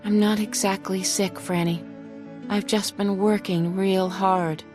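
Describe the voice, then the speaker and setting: A woman voicing a tired, tender teenage girl with wings who has just become a mother, speaking softly and intimately. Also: mid-range voice, level tone, unhurried, over music, natural voice. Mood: weary.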